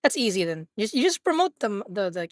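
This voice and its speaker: Excitable young woman streaming a racing game. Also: mid-range voice, brisk, no room sound, clean studio sound. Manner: excitable, swears, laughs often, talks to chat. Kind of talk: casual live-stream chat while gaming.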